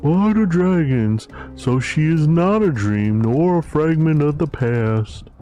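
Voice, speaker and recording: Male streamer as a high-pitched, melodramatic undead friend, gushing. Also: lively intonation, slow, mellow, soft background music. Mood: gushing dramatic. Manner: theatrical, gushing.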